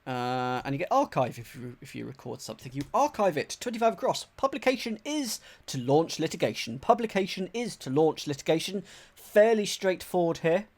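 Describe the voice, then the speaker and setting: A man from England talks his way through a crossword for a live audience, repeating clues under his breath and reacting with sudden bursts. His voice sits a little high and swings widely in pitch. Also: fairly quick. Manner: chatty and animated, thinks aloud, mutters clues, greets chat. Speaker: streamer solving a crossword. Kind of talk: live-stream chat, thinking aloud.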